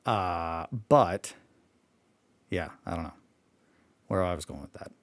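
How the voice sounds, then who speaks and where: A man with a very deep voice, groggy from just waking up, chats in a loose, self-interrupting ramble. He swears freely and trails off mid-thought. The sound is dry and close, with no room echo. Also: slow pace. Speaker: hobby vlogger. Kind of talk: casual rambling chat.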